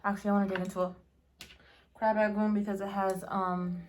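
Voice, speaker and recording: A woman's voice: mid-range voice, little pitch movement, a little fast, a little mellow. A young woman hosting a casual eating show at home, rambling and chatty with lots of fillers, talking between bites. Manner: rambling, chatty, many fillers and restarts, eats while talking. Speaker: mukbang vlogger.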